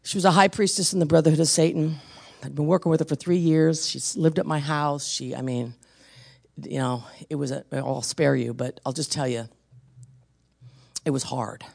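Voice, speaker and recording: Preacher, gravelly voice, intense testimony-style sermon, swings from hushed to forceful. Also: steady tone, normal speed. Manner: intense storyteller, drops to hushed low tones then builds to forceful exhortation.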